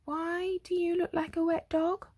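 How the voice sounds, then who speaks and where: A woman's voice: very high-pitched, flat delivery, a little slow, a little mellow, pitched above the performer's own voice. A woman voicing a fussy, chattering mother in a storybook reading. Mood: fussing.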